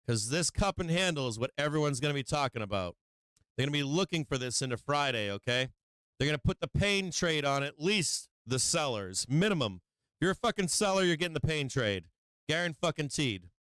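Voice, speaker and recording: A man hosting a live stock market stream from his home office, swearing constantly and talking in an agitated, rapid-fire way. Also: medium pitch, smooth, dry recording. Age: adult with children. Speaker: stock market livestream host. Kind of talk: live market commentary to viewers.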